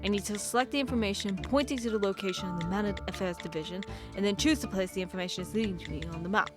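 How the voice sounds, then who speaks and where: A woman's voice: mid-range voice, very fast, natural voice. A woman voicing a curious young employee in a game, in a shaky, overdone posh British accent. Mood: thoughtful. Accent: put-on British. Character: young new bureau employee, curious and chatty. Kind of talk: game dialogue read aloud. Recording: game music playing behind.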